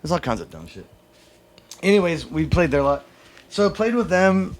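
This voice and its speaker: A man's voice: on the high side, very animated, moderate pace. Laid-back man telling rambling stories. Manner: loose, profane, rambling storyteller who acts out quoted voices. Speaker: drummer, interview guest. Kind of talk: casual storytelling interview.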